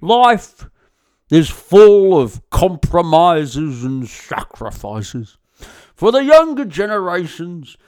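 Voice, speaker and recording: Preachy commenter, put on by a man, overdone Australian accent, high sing-song delivery, slow and mock-solemn. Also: exaggerated voice. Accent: exaggerated put-on Australian. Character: rambling preachy male online commenter. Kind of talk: comic reading of a comment.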